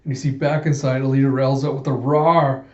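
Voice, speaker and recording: A man reading a comic aloud, telling the story in a casual, animated way. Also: mid-range voice, brisk. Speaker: comic readthrough host. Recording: echoey room, dull lo-fi sound.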